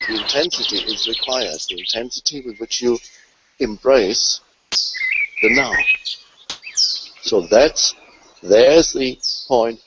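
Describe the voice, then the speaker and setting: Man, spiritual teacher, measured pauses, birdsong noise behind. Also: mid-range voice. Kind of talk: reflective spoken talk. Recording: lo-fi, with loud background noise.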